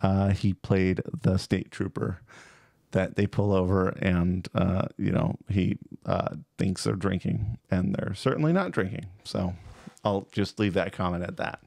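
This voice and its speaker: Low voiced guy rambling about a movie, lots of ums, dead dry sound. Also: a little slow, vocal fry, darkish tone, no echo. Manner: rambling, hesitant, full of fillers and restarts. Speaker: podcast co-host. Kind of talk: casual movie review chat.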